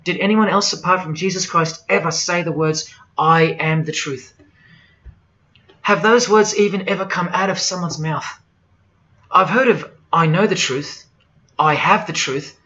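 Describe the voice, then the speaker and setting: A man preaching a monologue in a forceful, rhetorical way, firing question after question at the listener. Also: on the high side. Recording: dull lo-fi audio.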